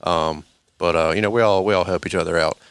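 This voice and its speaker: A man's voice: deep voice, fairly even intonation, fast, a bit bright, smooth, no room sound. A man guest on a podcast, talking from home in a rambling way with many fillers. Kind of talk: casual chat.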